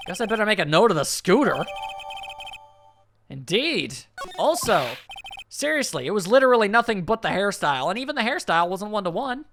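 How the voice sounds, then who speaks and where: A man's voice: high-pitched, very animated, brisk. Joking man playing through a game. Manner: joking, rambling asides. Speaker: let's play host. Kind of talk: casual gameplay commentary. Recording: game music underneath.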